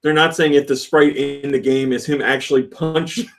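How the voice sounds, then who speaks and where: A man's voice: medium pitch, flat delivery, moderate pace, soft background music. A man hosting a casual podcast, reading listener comments aloud and laughing often. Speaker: podcast host.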